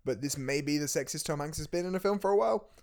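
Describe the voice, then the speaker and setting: Rambling, excitable man on a podcast. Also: a little high, fast. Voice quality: rambling, excitable, many restarts. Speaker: podcast co-host. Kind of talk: casual chat reviewing a film.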